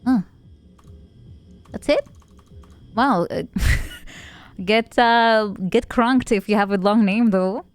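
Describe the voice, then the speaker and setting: Giggly high-voiced woman streamer. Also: slow pace, pauses often, clear, resonant tone, no echo. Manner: playful, giggly, thinking aloud. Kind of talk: casual gaming chat.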